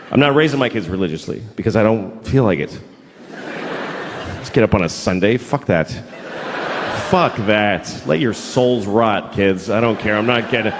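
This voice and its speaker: A middle-aged man doing a stand-up comedy set, ranting and profane, with sudden mock-outraged yells. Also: fairly low pitch, expressive, normal speed, background noise. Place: large theater stage before a laughing audience. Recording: roomy live venue with loud crowd.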